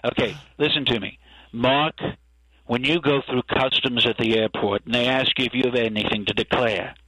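A man's voice: mid-range voice, fairly even intonation, moderate pace, bright, forceful tone, no room sound, poor audio. A man doing an impression of a boastful, insulting male politician, repeating himself and tagging lines with a questioning "okay". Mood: boasting. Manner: tags nearly every sentence with a questioning okay, repeats himself. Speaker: comedic impressionist guest.

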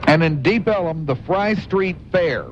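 A man's voice: animated, measured pace. A man co-hosting a radio show, reading concert listings between jokes from the others. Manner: reads listings, laughs between items. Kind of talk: casual radio banter. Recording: muffled radio recording with faint rumble.

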